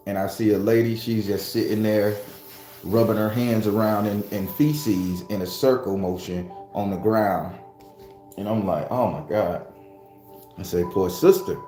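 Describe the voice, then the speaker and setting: A man's voice: lowish voice, mellow. A man hosting a morning prayer stream, talking loosely and profanely in a rambling, casual way straight to his viewers. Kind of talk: casual chat. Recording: echoey room with faint music.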